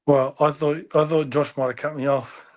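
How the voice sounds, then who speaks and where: A man's voice: a little high, flat delivery, normal speed, a little mellow. An Australian man, a rugby league coach, giving impassioned opinions on a podcast over a remote call, ranting and repeating himself.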